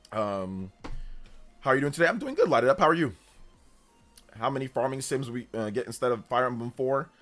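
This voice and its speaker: A man hosting a live stream, chatting casually, reading out chat messages and thanking viewers, often laughing. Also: medium pitch. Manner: animated, reads chat aloud, laughs often. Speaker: livestream host.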